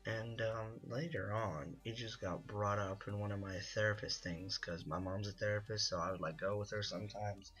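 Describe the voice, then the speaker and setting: A man's voice: fairly low pitch, steady tone, normal speed, few pauses, a bit bright, soft background music. A young man telling a long, rambling personal story in a casual way, packed with "you know" and "like", as the host of a gaming video. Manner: rambling, full of "you know" and "like", laughs at his own story. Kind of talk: casual storytelling over gameplay.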